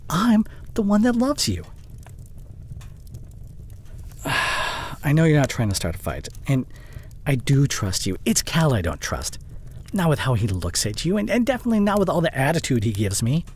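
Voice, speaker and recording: A man's voice: fairly high pitch, wildly swooping pitch, normal speed, breathy edge, heavily acted, rough recording. A man playing an overworked young boyfriend in an audio roleplay drama, speaking closely and with strong emotion straight to the listener. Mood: frustrated, heated. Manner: emotionally charged, intimate second-person address. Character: overworked young adult boyfriend, short-tempered but loving. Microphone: close studio condenser mic.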